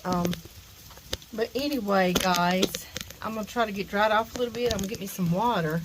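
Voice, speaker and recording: A woman's voice: medium pitch, fairly quick, background noise. A middle-aged woman with a Southern accent from Louisiana, chatting folksy and laughing often as she walks outdoors, filming on a phone. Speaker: vlog host. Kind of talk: casual walking vlog. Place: outdoors in a pasture, then a porch.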